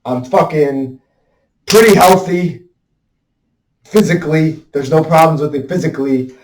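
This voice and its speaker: A man's voice: on the high side, unhurried, a little mellow. Swearing man venting in an echoey room. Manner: swears heavily, vents frustration in bursts. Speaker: self-expression video maker. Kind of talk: raw emotional monologue. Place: room indoors. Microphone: headphones with mic.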